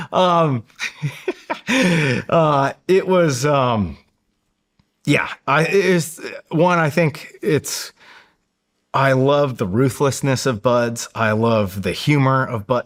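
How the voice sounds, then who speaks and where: A man in casual conversation, with a voice of ordinary middle pitch. He rambles cheerfully, restarting sentences and padding them with fillers as he tells his stories with enthusiasm. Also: fairly bright tone. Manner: upbeat, enthusiastic. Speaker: podcast guest. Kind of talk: casual interview storytelling.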